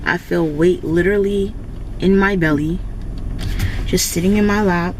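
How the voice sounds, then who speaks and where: A woman's voice: on the low side, steady tone, unhurried, background noise. A woman vlogging in a casual, chatty way, talking straight to her viewers. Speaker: lifestyle vlogger. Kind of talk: casual vlog chat to camera.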